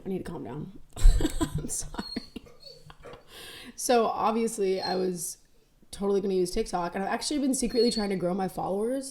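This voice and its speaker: A woman's voice: mid-range voice, dark tone, slight background noise. A young woman hosting a casual solo podcast, rambling candidly between topics with self-deprecating jokes. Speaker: podcast host.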